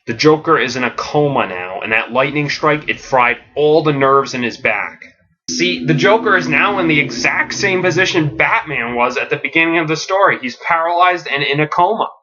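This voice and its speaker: A man hosting a comedic podcast, pitching a story in a rambling, filler-heavy way with deadpan enthusiasm. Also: moderate pace, lo-fi sound.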